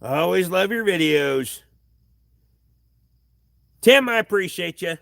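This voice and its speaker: A man with a high, gravelly, slightly bright voice speaks slowly but with animation, recorded cleanly in a studio-quality space with no echo. He's hosting a casual livestream from his home workshop on a tripod camera, reading viewer comments aloud and cursing freely in a blunt, offhand manner.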